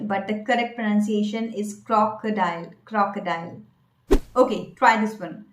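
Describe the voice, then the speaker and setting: A woman who is an English pronunciation coach, giving an online lesson slowly and deliberately, repeating each word for learners. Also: a little high. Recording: echoey room.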